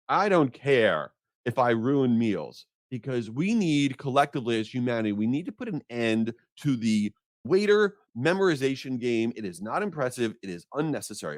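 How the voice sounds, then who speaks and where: A man hosts his podcast in a casual, animated rant, his exasperation spilling into comic outbursts. His voice sits at an ordinary middle pitch. The sound is dry and close, with no room around it. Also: normal speed, no room sound. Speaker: podcast host.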